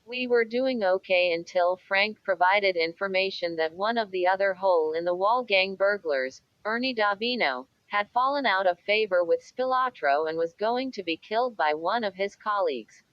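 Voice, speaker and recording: Female audiobook narrator, measured true-crime read, dry booth sound, a bit muffled. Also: mid-range voice, lively intonation, dry recording.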